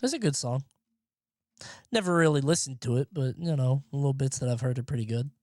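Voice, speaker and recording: A man's voice: medium pitch, brisk, darkish tone, dry recording, clean studio sound. A young man streaming and chatting casually, rambling and swearing offhandedly. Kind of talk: casual live-stream chat. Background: faint music.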